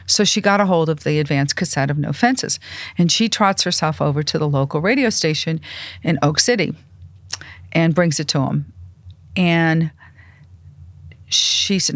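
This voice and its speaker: Older woman guest, vivid storyteller, animated delivery, dry close mic. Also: low voice, unhurried, pauses often, no echo. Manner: animated anecdotes, acts out quoted voices. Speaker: music industry publicist and manager, guest. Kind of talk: storytelling interview.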